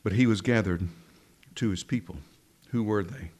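A man's voice: fairly low pitch, moderate pace, a little mellow, a little hiss or hum. A man preaching a sermon in a conversational teaching manner, asking his listeners questions as he goes.

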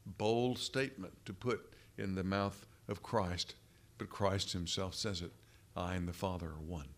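A man preaching a sermon in an emphatic, deliberate way, leaning on repeated phrases. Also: low-pitched, fairly even intonation.

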